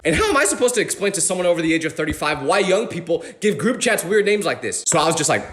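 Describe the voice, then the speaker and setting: A man's voice: a little high, fast, few pauses. A young man telling funny personal stories in a comedic, exaggerated way, acting out the people he quotes. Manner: animated, exaggerated outbursts and voiced quotes. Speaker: storytelling creator. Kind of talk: comedic storytelling.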